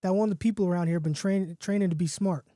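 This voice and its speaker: A man voicing an excitable rough man who insists his wolf can talk, loud and pushy. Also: high-pitched, rapid-fire, no echo, clean studio sound, lightly acted. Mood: excited.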